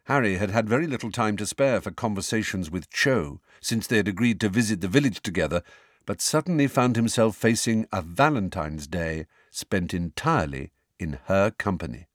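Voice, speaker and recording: Expressive man reading a storybook. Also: fairly low pitch, moderate pace, dry recording, studio quality. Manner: expressive, varied storytelling delivery. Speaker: audiobook narrator. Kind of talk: scripted narration.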